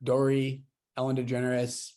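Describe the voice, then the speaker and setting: A young man in his twenties hosts a casual podcast chat, full of enthusiasm. His voice sits at an ordinary middle pitch. He rambles, tripping over restarts as he gets excited. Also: measured pace. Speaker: podcast host.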